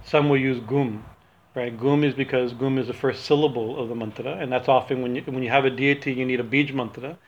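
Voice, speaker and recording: A man's voice: medium pitch, fairly even intonation, a little fast. A man giving an informal religious talk, rambling and correcting himself, with frequent laughs. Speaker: religious teacher. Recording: dull lo-fi recording.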